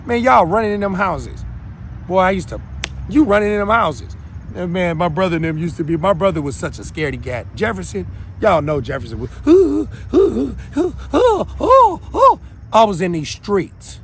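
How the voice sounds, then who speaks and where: A man's voice: high voice, brisk, slight background noise. A man in his thirties hosting his own show, delivering a heated, preachy, rambling monologue with many restarts. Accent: Minnesota. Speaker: host. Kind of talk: impassioned solo monologue.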